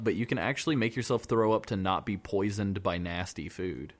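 A man co-hosting a casual podcast, explaining game details at length in a relaxed way with fillers. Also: fairly low pitch, brisk, slight background noise. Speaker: podcast co-host. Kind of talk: casual chat about a video game.

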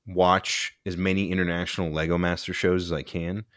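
A man's voice: low voice, little pitch movement, normal speed, fairly bright tone, dry recording, clean studio sound. A young man co-hosting a casual movie-review podcast, laid-back and rambling, full of "dude" and "like". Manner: laid-back, tangent-prone, says "dude" and "like" often. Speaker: podcast co-host.

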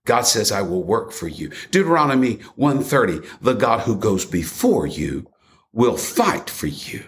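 A male preacher delivering a sermon with a fairly low voice. His pitch rises and falls freely as he quotes scripture and recites lines of an old hymn. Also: very animated, a little slow.

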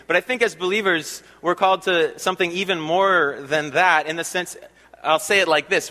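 Man, pastor, sermon, bright slightly high voice, chatty with fillers, long church reverb. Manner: conversational preaching with fillers and slow emphatic repeats. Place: church sanctuary. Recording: long reverb of a large hall.

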